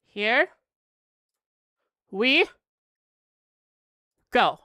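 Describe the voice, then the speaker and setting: A young woman livestreaming as she plays a quiz, chatting casually and thinking aloud with halting restarts. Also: a little high, big pitch swings, bright, forceful tone. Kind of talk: casual livestream chat while playing a quiz.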